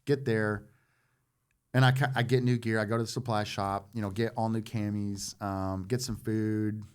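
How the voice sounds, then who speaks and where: A man in his forties, a former Marine guest on a podcast, telling a story in a loose, animated way and acting out what others said. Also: fairly low pitch, moderate pace, clear, resonant tone. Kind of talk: casual storytelling.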